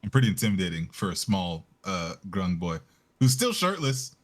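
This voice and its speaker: Lively-voiced man playing a tabletop game. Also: low voice, moderate pace, a little hiss or hum. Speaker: player.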